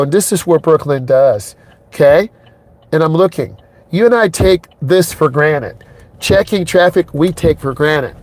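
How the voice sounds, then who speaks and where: A man's voice: a little high, animated, a little slow, no room sound. A middle-aged man, a driving instructor, narrating a lesson from behind the wheel in a car. He talks straight to the viewers, emphatic and repeating himself. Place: inside a car on city streets.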